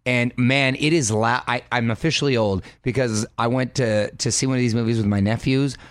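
Man, radio host, chatty and upbeat, medium pitch, dry studio sound. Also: fairly even intonation, brisk, dry recording. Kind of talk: casual radio chat. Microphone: studio mic.

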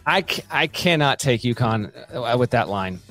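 A man co-hosting a casual sports podcast, talking in animated bursts with quick asides and laughter. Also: medium pitch, faint music behind. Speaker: podcast co-host.

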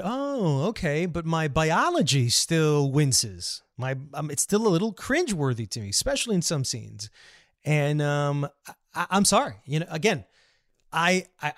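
Man, podcast co-host, fairly high voice, candid and hedging, dry close mic. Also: no echo. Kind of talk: casual film discussion.

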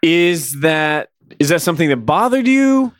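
A man's voice: on the high side, sing-song, unhurried, no echo, clean studio sound. Wry man co-hosting a movie podcast. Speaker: podcast co-host. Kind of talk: casual movie chat.

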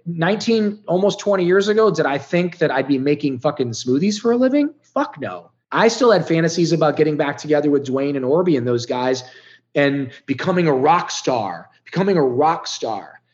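A man's voice: fairly high pitch, expressive, normal speed, darkish tone, dull audio. A man in his fifties from Ohio, telling his recovery story as a podcast guest in a candid, emotional and profane way. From Ohio, United States. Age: 50s.

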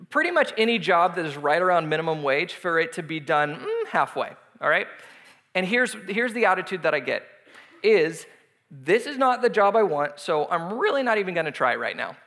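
Bright high-voiced man preaching in a hall. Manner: conversational storytelling with humor, laughing often. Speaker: pastor. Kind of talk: sermon.

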